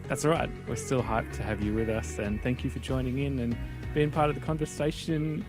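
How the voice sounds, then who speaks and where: A man's voice: mid-range voice, steady tone, fairly quick, music in the background. A man co-hosting a faith radio show, chatting casually and telling rambling stories. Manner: rambling, storytelling with fillers. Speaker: radio co-host.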